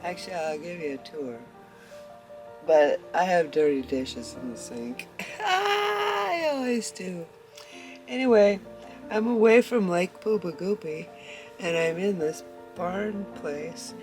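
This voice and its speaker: A woman's voice: fairly low pitch, a little slow, darkish tone, soft background music. A woman vlogging casually about her farm life, chatting and laughing often and cooing at her chickens. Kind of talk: casual chat to camera. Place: in and around a trailer in a barn.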